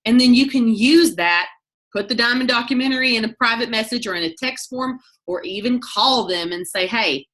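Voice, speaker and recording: A woman leading a team training call, talking fast in a chatty way and often breaking off mid-sentence. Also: a little high, a bit bright. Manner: fast, chatty, self-interrupting. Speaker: network marketing team leader.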